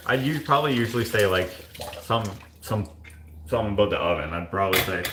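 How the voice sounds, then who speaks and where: A man's voice: animated, fast, echoey room, noisy background. A man hosting a live stream, chatting casually and reading out viewer comments with jokey asides. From Canada. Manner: rambling, jokey, mock-sings in a high voice. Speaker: livestream host.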